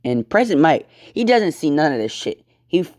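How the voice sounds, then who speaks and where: A man's voice: a little high, sing-song, normal speed, darkish tone. A man casually narrating an improvised fan story, swearing often and acting out the lines. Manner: casual, swears a lot, acts out quotes.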